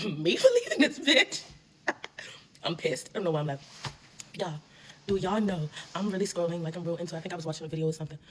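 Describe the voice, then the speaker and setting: A woman telling a casual, animated storytime, with plenty of slang and swearing. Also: fairly low pitch, racing. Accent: US Southern.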